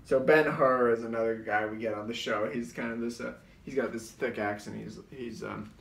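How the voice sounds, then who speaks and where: A man's voice: mid-range voice, steady tone, moderate pace, vocal fry. Man telling rambling sketch stories, far from the mic in a roomy space. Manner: rambling, full of filler words and restarts. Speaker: comedy show co-host. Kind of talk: rambling comic recollection. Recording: roomy echo, distant mic.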